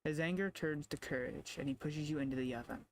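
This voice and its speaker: A man live-streaming a story game, reading its text aloud with a slightly raised pitch. He drops quick asides between the lines of text. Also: a little hiss or hum.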